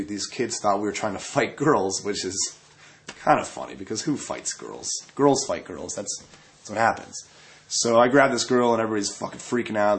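A man with a fairly low voice tells a story in a casual, rambling way. He swears freely and keeps a loose, offhand tone. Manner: profane, laid-back, rambling. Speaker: band member telling a tour story.

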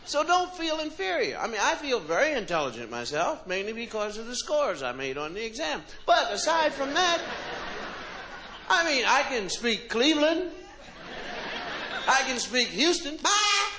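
An American man doing stand-up comedy in an animated, mocking, playful way. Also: extremely high pitch, normal speed, background noise. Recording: live show with loud audience laughter. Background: audience laughing.

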